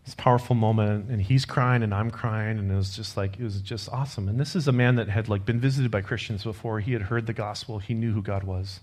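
A man's voice: fairly low pitch, fairly even intonation, fast, few pauses. A man preaching a sermon, telling a personal story in an earnest, conversational way and closing with a prayer. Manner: closes in quiet prayer.

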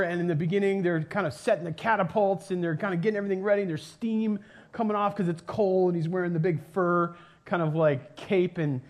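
Chatty man preaching, lively delivery. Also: high-pitched. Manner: casual, animated storytelling with many fillers. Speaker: pastor. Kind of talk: sermon. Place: church.

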